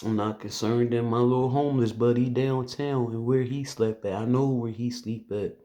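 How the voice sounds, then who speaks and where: A man's voice: medium pitch, steady tone, normal speed, mellow. A man who works as a police officer, telling a personal story to camera in an earnest, conversational way with loose phrasing and restarts.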